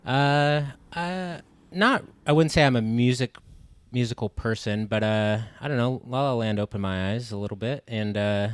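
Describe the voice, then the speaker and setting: A man's voice: medium pitch, moderate pace, few pauses, smooth, no room sound. A man in a casual film chat, speaking in a laid-back, hesitant way with many fillers.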